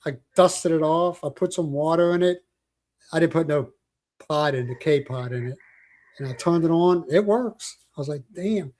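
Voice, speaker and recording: A man's voice: fairly high pitch, normal speed, a little mellow. An older man hosting a casual livestream chat, telling rambling stories and joking with viewers. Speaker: livestream host.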